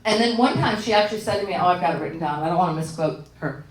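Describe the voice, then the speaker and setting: A woman's voice: lowish voice, lively intonation, rapid-fire, a little hiss or hum. Exasperated middle-aged woman stand-up. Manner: exasperated, swearing, storytelling. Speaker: stand-up comedian. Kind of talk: stand-up routine. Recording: roomy, from far off.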